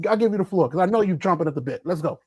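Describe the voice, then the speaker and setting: Passionate ranting man, high voice. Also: lively intonation, racing, mellow, breathy edge, no echo. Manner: passionate, ranty, emphatic. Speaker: podcast co-host. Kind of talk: casual chat.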